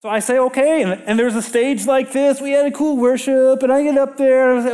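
High-voiced middle-aged man preaching. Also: fairly quick, few pauses. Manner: animated storyteller, quizzes the congregation with rhetorical questions. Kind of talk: sermon.

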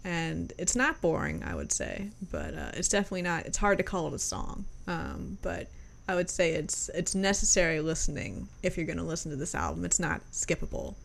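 A woman's voice: sits low, big pitch swings, a little fast, gravelly. A woman co-hosting a music review, chatting casually, laid-back and hedging, laughing often.

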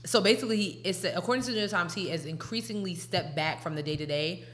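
A woman's voice: lowish voice, fast, fairly bright tone. A woman co-hosting a casual chat show, speaking loosely and repeating phrases for emphasis. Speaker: podcast co-host.

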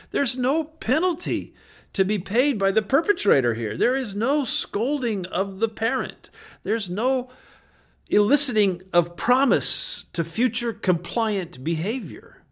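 A man delivering a sermon with earnest conviction, his voice sitting a little higher than most men's. He leans hard on key phrases and lets dramatic pauses hang before dropping to a hush. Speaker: pastor.

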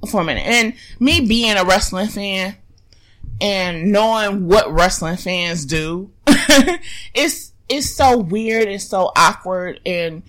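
A woman co-hosting a casual podcast, loud laughter and profane banter. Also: mid-range voice, slow pace. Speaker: podcast co-host. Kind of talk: casual chat. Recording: noisy home recording.

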